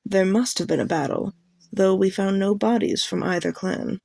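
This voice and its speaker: Recorded dry, a woman with a creaky, medium-pitched voice speaks at normal speed. Her audiobook role is a commanding, grave she-cat who leads a clan and addresses its gathering steadily and formally.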